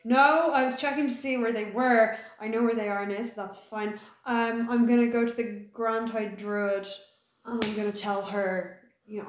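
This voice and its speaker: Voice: mid-range voice, fairly even intonation, moderate pace, roomy sound, poor audio. A tabletop game player speaking earnestly and apologetically. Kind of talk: tabletop role-play.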